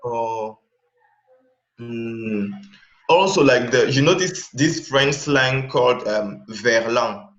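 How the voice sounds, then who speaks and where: A man's voice: mid-range voice, fairly bright tone. Guy chatting in an interview, stops and restarts a lot looking for examples, roomy dull recording. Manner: halting, searches for examples mid-sentence. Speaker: interview guest, language learner. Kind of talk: casual interview chat. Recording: echoey, dull sound.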